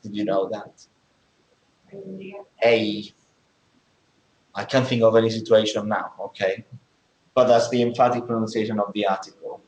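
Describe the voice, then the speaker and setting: A man's voice: fairly low pitch, fairly even intonation, fairly quick, a little mellow, roomy sound, a little hiss or hum, low-quality recording. A man teaching English in a classroom, explaining things step by step and checking in with many okays. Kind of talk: classroom lesson.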